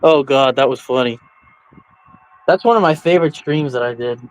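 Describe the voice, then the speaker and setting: A man's voice: medium pitch, moderate pace, poor audio. A young man filling in as host of a casual chat show, laughing often as he talks. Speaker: stand-in host.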